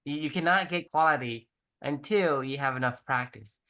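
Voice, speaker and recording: A man's voice: a little high, a little fast, bright, forceful tone. A man co-hosting a podcast over a video call, explaining his points earnestly and restarting sentences often. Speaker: podcast co-host. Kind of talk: casual chat.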